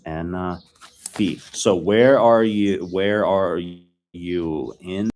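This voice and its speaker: A man teaching a filmed language lesson in a relaxed, chatty way, repeating phrases to drill them. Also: low-pitched, drawn-out words.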